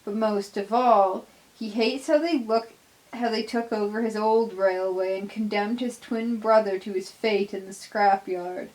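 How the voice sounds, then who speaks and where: A woman's voice: medium pitch, fairly even intonation, a little slow, a little mellow, poor audio. A woman narrating her own fan fiction as a storybook reading.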